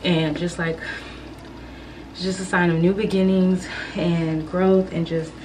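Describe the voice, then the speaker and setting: A woman's voice: lowish voice, flat delivery, measured pace. A young woman chatting casually to camera in a loose, informal way, giving viewers updates on her day. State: out of breath after climbing stairs. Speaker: vlogger. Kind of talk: casual vlog chat. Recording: distant camera mic with background noise.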